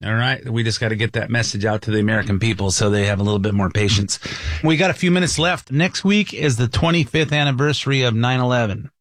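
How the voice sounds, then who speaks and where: A man's voice: mid-range voice, fast, no echo, clean studio sound. A man hosting an interview, giving short prompts and questions. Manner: brief prompts and backchannels. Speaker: host.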